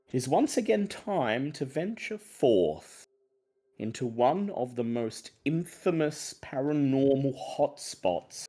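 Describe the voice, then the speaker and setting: A man's voice: mid-range voice, darkish tone. A man running a horror tabletop game, giving theatrical, playful introductions as the keeper. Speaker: game master. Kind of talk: dramatic tabletop game narration.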